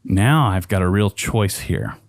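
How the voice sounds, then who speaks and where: A man's voice: low voice, sing-song, a little slow, gravelly, no room sound, clean studio sound. A man telling his life story as a podcast guest, speaking intensely and emphatically, swearing freely. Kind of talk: personal storytelling.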